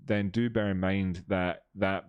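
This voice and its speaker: A man's voice: sits low, fairly even intonation, unhurried, clean tone, no room sound, dull audio. A man hosting a live stream, thinking aloud over charts and chat with many fillers. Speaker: live stream host and market analyst.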